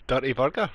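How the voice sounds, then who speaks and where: A man's voice: mid-range voice, pushed and bright, husky, dry recording. A man live-streaming a game, chatty and joking, laughing often as he talks to his viewers. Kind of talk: casual live-stream chat.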